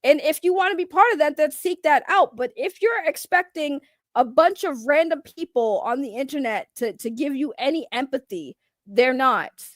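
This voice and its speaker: A woman's voice: sits high, lively intonation, moderate pace, no echo, studio quality. A woman streamer talking on a casual reaction livestream, reading chat and rambling through loose trash talk that breaks into laughter.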